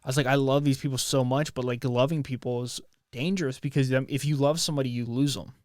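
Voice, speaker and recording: A man from the United States hosting a solo podcast from home, talking in a halting, emotional way and swearing often, with many restarts. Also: medium pitch, fairly even intonation, darkish tone, no room sound, studio quality. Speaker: podcast host. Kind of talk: casual solo podcast monologue. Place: at home, near his bed.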